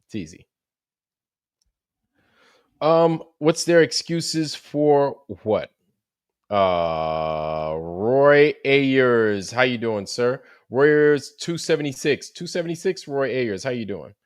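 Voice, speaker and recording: A man of middle pitch talks loosely to his livestream chat, swearing freely and laughing between stories. He greets viewers by name as he goes. His voice sits close and dry on the mic, with no room sound. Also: very animated, slow pace, clear, resonant tone, no room sound. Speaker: livestream host. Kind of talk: casual livestream recap chat.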